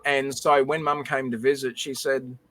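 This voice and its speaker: A man's voice: medium pitch, flat delivery, moderate pace, fairly bright tone, slight background noise. Man telling a heartfelt story. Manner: emotional storytelling, repeats words. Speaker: livestream host. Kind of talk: casual chat.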